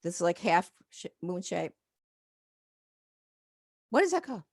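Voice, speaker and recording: A woman's voice: fairly low pitch, very animated, a little slow, breathy edge, no echo, studio quality. An older woman, a professor, giving a chatty, digressive slide lecture full of fillers and asides.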